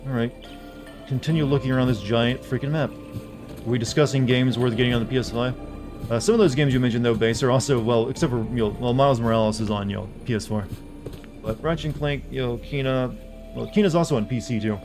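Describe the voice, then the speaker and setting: A man's voice: medium pitch, fast talker, over music. A man streaming a game live, rambling and teasing as he answers his chat and reads menu text aloud.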